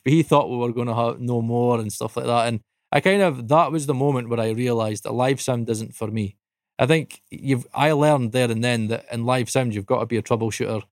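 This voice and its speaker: A man's voice: medium pitch, a little fast, no echo. Scottish man from Dundee, podcast co-host, dry close-mic sound, chatty and sweary, mid-range voice. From Dundee, Scotland. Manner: animated, swears freely, laughs through the story. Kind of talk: casual anecdote telling.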